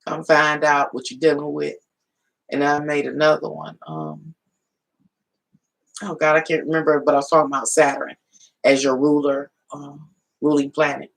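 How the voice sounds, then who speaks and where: A chatty tarot reader spins a loose, colloquial story for live viewers, often laughing and calling them y'all. The voice has a gravelly, creaky texture that sits at a middling pitch. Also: little pitch movement, normal speed, long pauses, fairly bright tone, poor audio. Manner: folksy, colloquial storytelling with quoted dialogue. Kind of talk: casual storytelling on a live stream.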